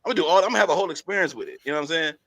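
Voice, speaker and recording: Animated high-voiced man telling stories. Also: racing, vocal fry. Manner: animated storytelling, laughs often, repeats himself. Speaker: podcast co-host. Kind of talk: casual chat.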